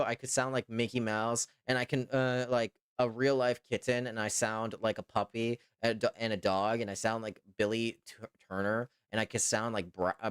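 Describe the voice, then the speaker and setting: A man's voice: mid-range voice, smooth, no room sound, studio quality. A young man from Canada streaming as a VTuber, chatting casually with viewers and rambling with lots of "you know" and "trust me". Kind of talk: casual live-stream chat reading viewer comments.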